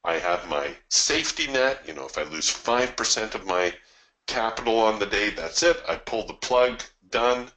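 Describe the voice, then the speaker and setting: A man's voice: lowish voice, expressive, moderate pace, bright, forceful tone, poor audio. A man coaching live trading, talking through his trades in a folksy way with chuckling asides.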